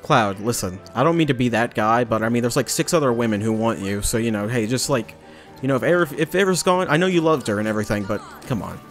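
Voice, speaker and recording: Brief: young male let's-player, mid-pitched, rambling jokey chatter, faint game music under. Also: fast talker. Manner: rambling, jokey, swears, bursts into loud taunts. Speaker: gameplay commentator. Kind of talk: casual let's play commentary.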